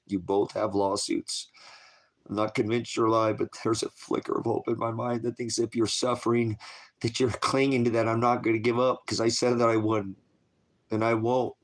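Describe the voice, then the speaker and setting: A man's voice: lowish voice, level tone, moderate pace. Distraught father, voice breaking. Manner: distraught, voice breaking, pleading and self-blaming. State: crying, struggling to keep composure. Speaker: father making a video appeal. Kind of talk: emotional personal video message.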